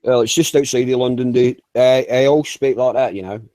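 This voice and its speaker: Man on a group video call, mellow and dry-sounding, sweary banter. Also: mid-range voice, a little fast, no echo. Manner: crude, sweary, chuckling. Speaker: call participant.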